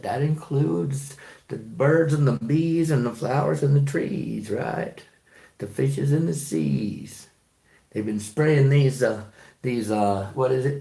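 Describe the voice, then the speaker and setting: A man's voice: on the low side, creaky, warm tone. A man who drives trucks, talking in a rambling, profane monologue full of fillers and restarts. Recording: echoey room.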